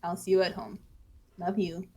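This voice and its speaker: A woman voicing an orderly, businesslike woman clerk, speaking in a calm, matter-of-fact way. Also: fairly low pitch, normal speed, lo-fi sound, lightly acted.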